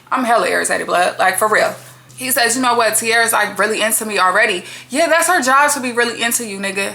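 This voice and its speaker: A woman's voice: a little high, gravelly. A woman giving a casual, blunt and profane recap of a reality dating show. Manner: blunt, profane, animated commentary. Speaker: recap vlogger.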